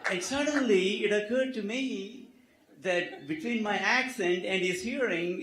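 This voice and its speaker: Male doctor addressing a conference hall, halting delivery with many fillers, lighthearted jokes, a touch high-pitched, echo of the room. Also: noisy background. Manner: halting, full of filler words, jokey. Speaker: physician giving conference remarks. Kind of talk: conference speech with a humorous anecdote. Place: conference hall with live audience.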